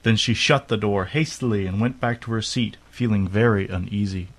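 A man narrating a fairy tale aloud in a steady, unhurried storytelling manner. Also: lowish voice.

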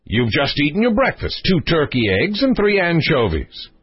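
Self-satisfied storybook king, voiced by a male reader, blustering and argumentative, husky and dry. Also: fairly high pitch, wildly swooping pitch, normal speed, no echo, full character voice. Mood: impatient. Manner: exclaiming, argumentative. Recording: dull lo-fi recording.

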